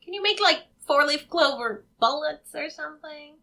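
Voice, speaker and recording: A woman's voice: sits high, expressive, normal speed, bright, forceful tone. A woman chatting casually while watching a film, wryly describing what happens on screen. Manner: wry, narrates the on-screen action. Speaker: movie watch-along co-host.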